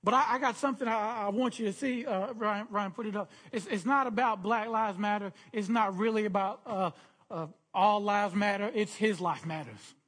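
A man's voice: high voice, normal speed, fairly bright tone. A man preaching a sermon as pastor, earnest and repetitive, often restarting his phrases.

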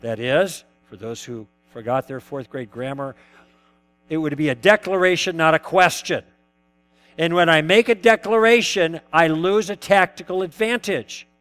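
High-voiced man lecturing through anecdotes. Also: moderate pace, fairly bright tone. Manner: acts out both sides of past dialogues, poses questions to the audience. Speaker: lecturer teaching conversation tactics.

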